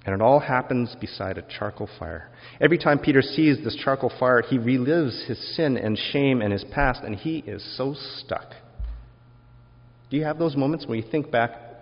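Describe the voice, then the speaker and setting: At a moderate pace and a medium pitch, a man preaches a sermon as pastor, reflective and conversational, asking the congregation questions he doesn't expect answered. Long reverb rolls through the hall on this dull, lo-fi recording.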